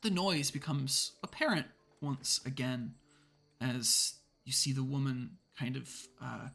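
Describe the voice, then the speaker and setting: A man's voice: medium pitch, slow pace, gravelly, a bit bright. A man narrating a tabletop horror game as game master, meandering with many hedges and fillers.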